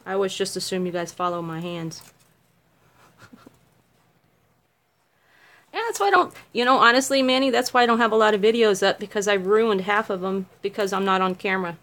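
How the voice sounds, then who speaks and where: A woman's voice: medium pitch, moderate pace, long pauses, fairly bright tone. A middle-aged woman making a craft video, chatting casually on a livestream, giggly and self-mocking.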